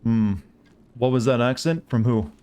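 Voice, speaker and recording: A man's voice: medium pitch, a little slow, warm tone, clean tone. A man with a Southern US accent chatting casually while he streams a game, rambling as he answers his chat. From Southern United States.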